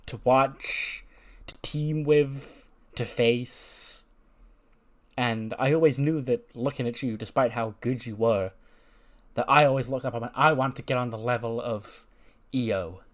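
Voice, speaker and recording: A man's voice: medium pitch, close to an everyday voice. A man voicing a defiant woman wrestler. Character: female wrestler, determined challenger, confrontational.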